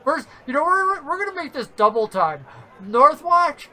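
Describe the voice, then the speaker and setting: Bright-voiced woman game master. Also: high voice, normal speed, rough recording. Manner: lively, playful, laughs often. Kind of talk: narrating a tabletop game.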